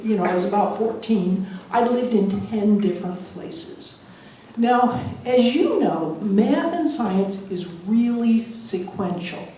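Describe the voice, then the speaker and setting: American woman lecturer, mellow, lively storyteller, roomy hall, distant mic. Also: on the high side, slight background noise. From United States. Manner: lively storytelling, laughs at own jokes. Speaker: guest lecturer, engineering professor. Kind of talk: public lecture with anecdotes. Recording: echoey hall, voice from afar.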